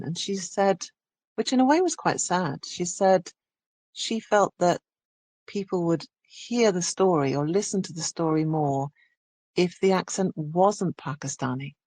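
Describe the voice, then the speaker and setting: Low-voiced enthusiastic woman narrator. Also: a little mellow, no room sound. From England. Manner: enthusiastic, restarts phrases. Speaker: audiobook narrator guest. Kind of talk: conversational interview.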